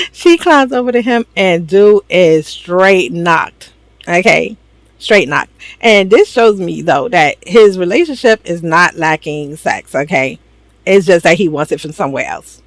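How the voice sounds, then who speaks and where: A woman's voice: lowish voice, unhurried, no echo. Slangy New woman recapping a show. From New York. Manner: animated, slangy, acts out characters' lines. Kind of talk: casual chat.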